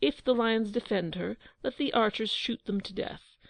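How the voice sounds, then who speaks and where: A woman's voice: fairly high pitch, normal speed, vocal fry, dry recording. A woman playing a roaring tyrant king. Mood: furious. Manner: roaring, pompous. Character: blustering tyrant king, old, quick-tempered.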